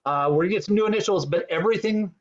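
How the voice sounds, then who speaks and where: A man's voice: high-pitched, racing, highs cut off. A man hosting an online improv game show over a video call, teasing and hesitant with many ums.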